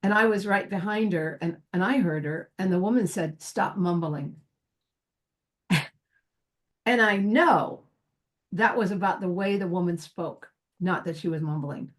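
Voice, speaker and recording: A woman's voice: medium pitch, normal speed. A woman from the United States speaking on a panel over a video call, telling a personal story in an earnest, indignant way.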